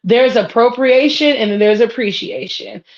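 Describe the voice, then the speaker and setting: A woman with a high voice holds forth in casual podcast talk, heated and profane. The recording sounds dull and lo-fi. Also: moderate pace, creaky. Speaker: podcast co-host. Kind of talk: casual chat.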